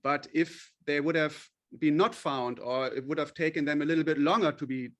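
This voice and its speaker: Talkative man, CEO guest, voice slightly high. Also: fairly even intonation, normal speed. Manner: talkative, many fillers and restarts, explaining at length. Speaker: company CEO, interview guest. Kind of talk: podcast interview.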